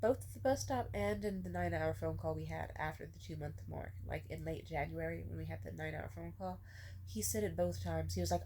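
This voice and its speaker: A woman's voice: low-pitched, brisk, warm tone, slight background noise. A young woman vlogger venting in an emotional personal rant, questioning herself aloud and swearing.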